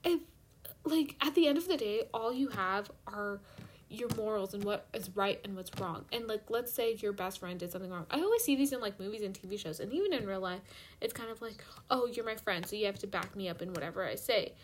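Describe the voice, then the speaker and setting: A young woman co-hosting a podcast, chatting casually with lots of "like" and quick laughs. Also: medium pitch, slight background noise. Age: young adult. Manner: animated, lots of "like", giggly. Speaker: podcast co-host.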